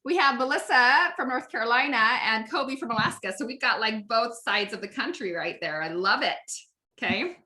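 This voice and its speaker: Woman, online business coach, upbeat and chatty, bright sharp voice. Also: on the high side, expressive, moderate pace. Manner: upbeat, chatty, lots of "like" and "right?". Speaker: network marketing success coach. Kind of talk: live online coaching session.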